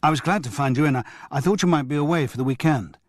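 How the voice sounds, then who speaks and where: A man voicing an excitable older grandfather, playful and then stammering with urgency. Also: fairly high pitch, fast, no echo, studio quality, voice pushed up, close to an everyday voice. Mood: urgent.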